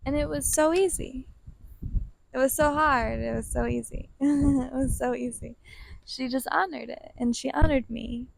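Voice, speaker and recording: A woman with a rather high, gravelly voice speaks slowly and earnestly. She tells a heartfelt personal story, and the recording is close and dry. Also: fairly even intonation, dry recording. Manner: slow, earnest, heartfelt with soft laughs. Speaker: vlogger sharing a personal story.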